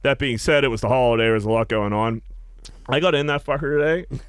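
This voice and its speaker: A man's voice: medium pitch, fast, clean tone, no room sound, clean studio sound. A young man, co-hosting a podcast and animatedly telling crude personal stories through bursts of laughter. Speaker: podcast co-host. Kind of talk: casual podcast chat.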